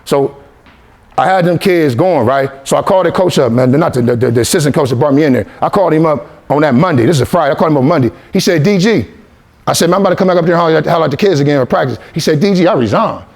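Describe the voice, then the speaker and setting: A man's voice: fairly high pitch, racing, a little mellow. A man giving a motivational speech to a youth team, repeating phrases and leading call-and-response. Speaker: motivational speaker.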